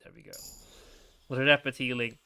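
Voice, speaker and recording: A man's voice: mid-range voice, flat delivery, normal speed, pushed and bright, clear, resonant tone. A man giving casual let's-play commentary while playing a story game, rambling with frequent chuckles and restarts.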